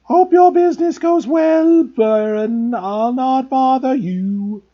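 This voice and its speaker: A man voicing a mischievous male poltergeist who taunts and then fawns in a greasy, wheedling, drawn-out way. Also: very high-pitched, muffled recording, voice pushed up. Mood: fawning.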